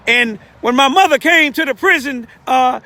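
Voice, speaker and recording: A man's voice: very high-pitched, moderate pace, bright, forceful tone, no room sound. An older man giving an informal, emotional street testimony as a self-styled lay preacher, rambling with repeated asides. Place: outdoors in the cold, urban street.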